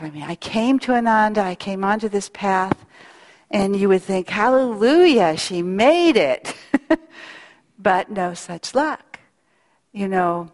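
Middle-aged woman, spiritual speaker; unhurried, reflective delivery; hall reverb. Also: mid-range voice, a little mellow. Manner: earnest, reflective, slow pauses. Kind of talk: devotional talk with storytelling.

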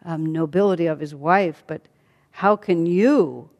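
A woman's voice: lowish voice, measured pace, darkish tone, dull audio. A woman voicing a proud adult queen who protests with rising indignation. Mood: indignant. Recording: long hall reverb.

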